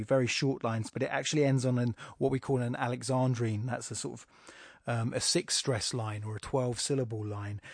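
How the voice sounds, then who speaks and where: Male teacher-host, mid-pitched, dry close-mic sound, musing, restarts often, reads lines slowly. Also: a little mellow, dry recording. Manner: thinks aloud with fillers and restarts, slows down to read lines aloud deliberately. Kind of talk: informal poetry analysis podcast.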